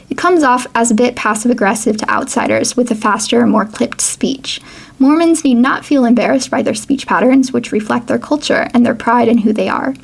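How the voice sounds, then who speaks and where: Hosting a laid-back educational vlog, this woman reads quotes out loud and adds chatty commentary, with the occasional laugh. Her voice sits on the high side and sounds husky and creaky, and she talks fairly quickly.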